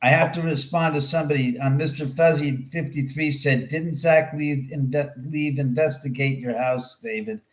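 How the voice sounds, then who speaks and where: A man hosting a livestream, telling a story in an animated, rambling way with plenty of swearing and repeated words. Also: fairly high pitch, normal speed, few pauses, echoey room, low-quality recording. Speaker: host of a livestream.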